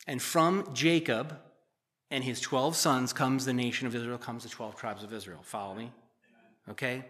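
A man's voice: mid-range voice, fairly even intonation, moderate pace, a bit bright. A man preaching a conversational sermon, often checking in with the congregation. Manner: conversational teaching, frequent "okay?" check-ins. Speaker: pastor.

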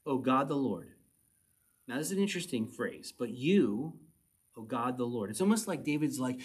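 Husky man teaching through scripture. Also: mid-range voice, expressive, a little slow, long pauses. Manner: reads scripture then explains it conversationally, with little chuckles. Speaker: Bible teacher. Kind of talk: verse-by-verse Bible teaching.

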